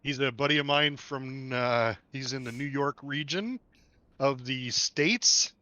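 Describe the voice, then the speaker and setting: A man's voice: mid-range voice, measured pace, bright, forceful tone, no room sound. A man hosting a game stream, chatting casually, laughing often and repeating himself. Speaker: stream host. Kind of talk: casual chat while gaming.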